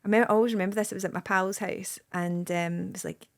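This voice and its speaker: A woman's voice: mid-range voice, fairly even intonation, fast talker. A Scottish woman in her forties, a comedian guest, telling rambling anecdotes in casual podcast chat with many restarts.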